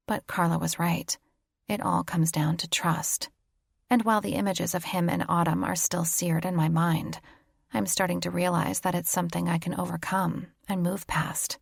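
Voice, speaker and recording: Husky, gravelly woman reading an audiobook. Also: lowish voice, no room sound, studio quality. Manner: wry, confiding, drops to whispers for inner thoughts. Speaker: audiobook narrator. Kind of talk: first-person audiobook narration.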